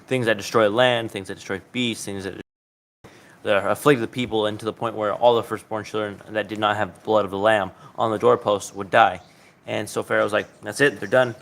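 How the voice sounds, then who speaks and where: A man's voice: lowish voice, gravelly, fairly bright tone, slight background noise. A man co-hosting a Bible study, casually retelling the story in an offhand way.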